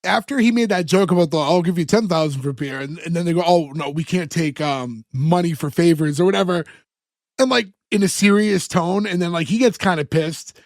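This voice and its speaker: A man's voice: on the high side, a little fast, no room sound, clean studio sound. A man co-hosting a podcast, casually recapping a TV episode and quoting the characters as he goes. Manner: retells scenes, quoting characters in passing. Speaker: podcast co-host.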